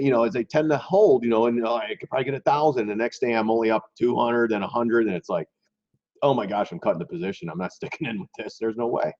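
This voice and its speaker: A man's voice: mid-range voice, darkish tone. A man hosting a stock trading live stream in a loose, rambling way, talking straight to his viewers and often repeating words. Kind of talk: casual live stream commentary. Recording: dull lo-fi stream audio.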